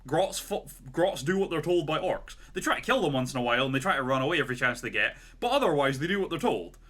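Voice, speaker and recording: Bright-toned man rambling through a story. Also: fairly high pitch, sing-song, quick pace. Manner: rambling, lots of "like" and "right?". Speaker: podcast co-host. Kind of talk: casual storytelling chat.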